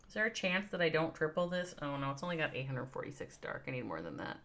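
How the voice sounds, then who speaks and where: Low-voiced Midwestern woman streaming a game. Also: very animated, quick pace, fairly bright tone. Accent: American Midwestern. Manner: chatty, reads out viewer names, thinks aloud while playing. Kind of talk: casual live-stream chat.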